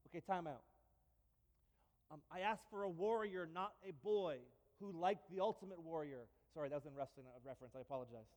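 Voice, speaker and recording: High-voiced male pastor preaching. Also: brisk, long reverb tail. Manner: animated storytelling with repeats and humor. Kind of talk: sermon.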